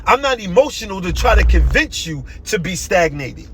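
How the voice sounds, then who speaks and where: A man's voice: high voice, big pitch swings, moderate pace, fairly bright tone, slight background noise. A young man delivering an impassioned, emotional monologue, hammering his points with repeated phrases.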